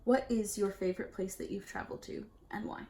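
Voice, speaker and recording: A woman's voice: medium pitch, a little fast, heavy background noise. A young woman from the United States, playfully interviewing her husband in a casual chat. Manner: laughs often, playful. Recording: echoey room.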